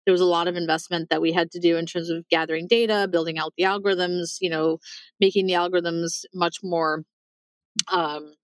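Woman ceo chatting in an interview, animated, tons of fillers, dry sound. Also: on the low side, dry recording, poor audio. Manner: fast, animated, many fillers and quoted asides. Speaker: startup founder and CEO. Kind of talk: conversational interview.

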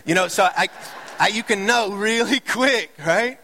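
A man's voice: sits high, unhurried, bright, forceful tone. A middle-aged man preaching a sermon as a pastor, conversational with light joking asides, building to impassioned emphasis. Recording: reverberant hall.

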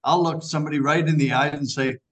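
Priest guy on talk radio, kinda high voice for a man, plainspoken, lots of uhs. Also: steady tone, quick pace. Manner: plainspoken, hesitant starts with fillers. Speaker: priest and guest. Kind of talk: radio talk show conversation.

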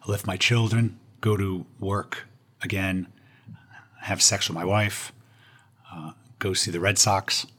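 A man's voice: low voice, steady tone, takes it slowly, long pauses, fairly bright tone, husky. A man, a guest on an interview show, telling a personal story with self-deprecating humor and punchlines.

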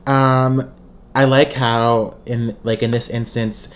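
A woman with a very deep, level voice speaks slowly as a podcast co-host, casually recapping a TV episode. Her talk is loose, full of restarts, fillers and frequent laughter.

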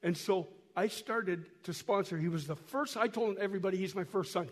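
A man who works as a missionary, telling stories to a congregation in a folksy way while showing photos, hoarse and coughing from a cold. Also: sits high, a little fast, big-room sound. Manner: folksy, repeats and restarts words, speaks directly to the congregation. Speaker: missionary guest speaker. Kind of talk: storytelling talk to a church while showing photos. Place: church hall.

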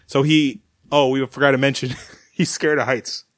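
A man in a casual movie podcast chat, recapping the plot in a relaxed storytelling way. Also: medium pitch, normal speed, dry recording.

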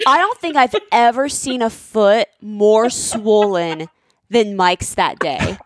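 A woman's voice: medium pitch, slow, no echo. A woman chatting casually and reacting emphatically to a shared family story. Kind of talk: casual chat.

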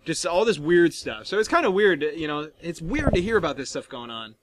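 High-voiced man in casual podcast chat. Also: fairly quick. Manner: animated, swearing, mimics accents while retelling. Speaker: podcast co-host.

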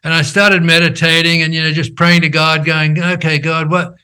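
An older man and company founder, telling his story in an animated, conversational way, checking in with "right?" as he goes. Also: on the high side, moderate pace, clean tone. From Australia. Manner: animated storyteller who acts out quoted dialogue, frequent "right?" tags.

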